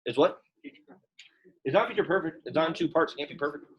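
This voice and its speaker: A man's voice: on the high side, animated, fairly quick, dull audio. A young man teaching a Latin class in a classroom, chatty and casual, full of "like" fillers. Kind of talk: classroom lesson.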